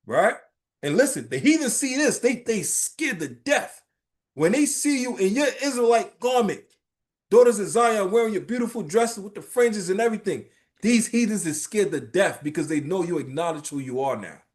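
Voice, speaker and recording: A man teaching a religious class in an informal, emphatic preaching style, often checking in with "right?" and telling lively, streetwise stories. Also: high-pitched, moderate pace. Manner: emphatic, keeps asking "right?".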